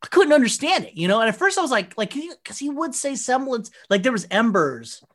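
A man's voice: very high voice, sing-song, a little fast, fairly bright tone. A man in casual podcast chat, rambling through stories and acting out the people he quotes, swearing freely.

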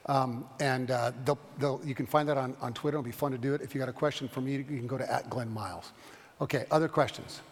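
A pastor teaching a Bible study class, talking fast and animated, with frequent restarts. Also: male voice, medium pitch, long reverb tail. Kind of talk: Bible study lecture with questions.

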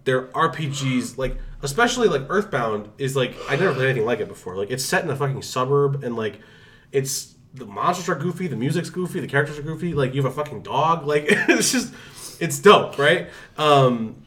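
Lively young man, a bit off-mic. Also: mid-range voice, fairly quick, distant mic. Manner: animated, swears a lot, many fillers. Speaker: podcast co-host. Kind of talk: casual chat.

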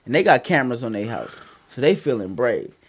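A man casually telling a story on a podcast, profane and animated, with loud bursts as he acts it out. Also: medium pitch, fairly quick, husky.

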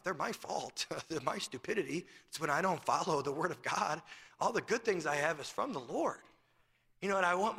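A man's voice: medium pitch, creaky, bright, forceful tone, in a large hall. A male pastor preaching a sermon, asking rhetorical questions and telling a family story.

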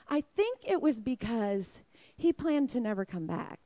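A woman preaching a sermon, telling stories with animated, acted-out quotes. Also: high voice, moderate pace, lo-fi sound. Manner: animated storyteller, acts out quotes. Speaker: speaker at a church service. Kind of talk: sermon storytelling.

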